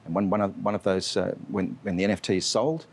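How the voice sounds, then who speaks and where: A man's voice: low-pitched, steady tone, fast, gravelly. A man working as a company strategy officer, giving hesitant interview answers full of fillers.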